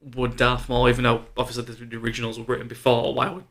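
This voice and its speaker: A man who is a guest on a casual film chat podcast, speaking in a measured, matter-of-fact way. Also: mid-range voice, completely flat delivery, gravelly, a bit bright.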